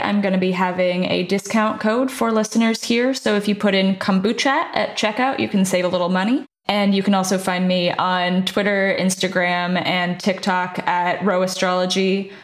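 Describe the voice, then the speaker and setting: A woman's voice: medium pitch, echoey room. A woman guest on a casual podcast, an astrologer talking in a chatty, friendly way with many fillers.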